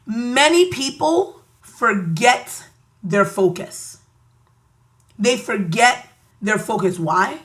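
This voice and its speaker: A woman's voice: fairly high pitch, expressive, takes it slowly, pauses often, fairly bright tone. A woman with a Nigerian accent hosting a podcast, giving an emphatic, preachy motivational monologue with playful asides. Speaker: podcast host.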